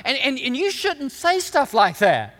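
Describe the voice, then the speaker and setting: A preacher doing blustering Peter. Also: male voice, very high voice, huge pitch swings, unhurried, a bit bright, big-room sound, pitched above the performer's own voice, exaggerated voice. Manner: blustering, stammering. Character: brash adult male disciple Peter scolding.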